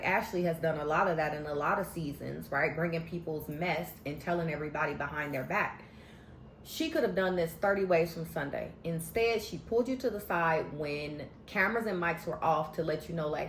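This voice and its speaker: A woman talks straight to her viewers in a sassy, animated recap vlog, with a slightly low voice. The room sounds roomy and echoey, with a faint hum behind her. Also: fairly quick. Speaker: vlogger recapping a TV show. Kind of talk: casual recap commentary.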